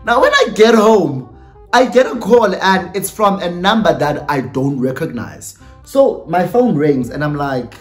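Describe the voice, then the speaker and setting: An animated young man with an Eastern Cape South African accent tells a story to camera in an easy, chatty way. His voice sits a little high and swings widely in pitch. Faint music plays behind him. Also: a little slow. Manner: animated and expressive, mixing English and Xhosa slang. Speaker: YouTuber. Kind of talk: storytime vlog, casual chat.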